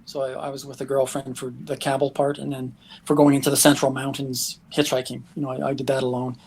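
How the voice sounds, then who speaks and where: Fast-talking man telling stories. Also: mid-range voice, slightly rough. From Canada. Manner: lively anecdotes, chuckles often. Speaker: guest, world traveler. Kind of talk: casual storytelling interview.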